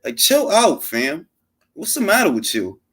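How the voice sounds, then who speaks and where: A man's voice: a little high, a little slow, slightly rough. A man hosting a late-night boxing talk show, rambling casually with lots of slang and swearing. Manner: animated, rambling and profane, full of fillers and slang. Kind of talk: casual unscripted commentary.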